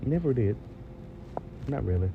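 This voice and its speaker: A man's voice: mid-range voice, unhurried, vocal fry, narrow, tinny audio. A man giving a casual, rambling TV review, talking straight to his viewers. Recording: steady background noise.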